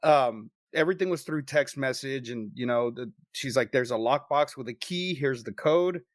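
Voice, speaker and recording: A man of middle pitch tells a story on a podcast in loose, casual chat. He swears often and tells it with animated energy. The sound is dry and close, with no room around it. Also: normal speed, no echo. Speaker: podcast co-host.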